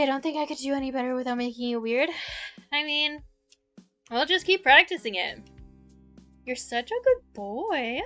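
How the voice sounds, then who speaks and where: A woman's voice: a little high, gravelly, pushed and bright. A young woman streamer chatting casually and giggling often, speaking close into her mic. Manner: giggly, laughs often between sentences. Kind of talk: casual chat. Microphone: mic very close to the mouth.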